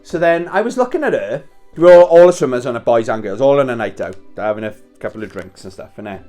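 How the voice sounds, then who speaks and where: A man's voice: medium pitch, lively intonation, fast talker, mellow, soft background music. A Welsh man in his thirties telling a rambling story in casual chat, swearing and laughing as he wraps presents at home. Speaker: vlogger.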